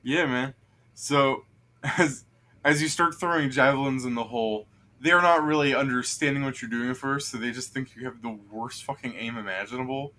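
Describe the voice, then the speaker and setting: Bright-voiced, joking male game master. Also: medium pitch, moderate pace. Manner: laughs a lot, relaxed and joking. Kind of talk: casual game narration.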